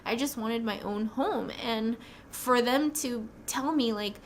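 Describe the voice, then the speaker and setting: A young woman telling her personal story in a casual vlog, rambling and excitable, with many "like"s. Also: on the high side, slow pace, slight background noise. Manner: rambling, excitable, says "like" often. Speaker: new nurse vlogger.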